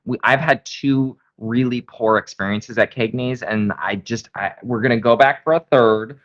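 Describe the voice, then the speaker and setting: A man co-hosting a casual live stream, hoarse, enthusiastic and rambling with many fillers. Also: mid-range voice, moderate pace, highs cut off. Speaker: co-host.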